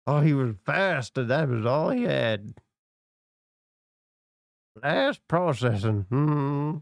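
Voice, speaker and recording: A man's voice: medium pitch, lively intonation, gravelly, no echo, clean studio sound, voice pushed up. A congested man voicing a cranky, rambling ninety-year-old man with a shaky, rattling voice. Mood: grumbling. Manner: slow, grumbling rant.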